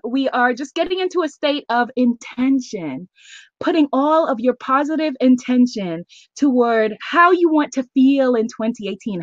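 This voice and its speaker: A high-voiced woman hosts a live online call, full of cheerleading energy as she greets each viewer by name. The sound is dry and a little dull, like a webcam stream. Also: a bit bright, no room sound. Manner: effusive, cheerleading, laughs often. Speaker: host of a live planning call.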